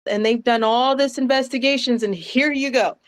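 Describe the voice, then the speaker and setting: A woman's voice: a little high, normal speed, slight background noise. A woman in her thirties giving emphatic, breathless reaction commentary and laughing between thoughts. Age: 30s. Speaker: co-host of a reaction stream.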